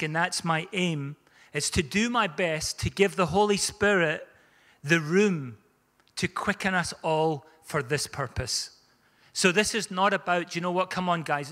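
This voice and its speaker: A man's voice: high-pitched, pushed and bright. A middle-aged man, a pastor, preaching a conversational sermon with touches of self-deprecating humor. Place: church sanctuary. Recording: long hall reverb.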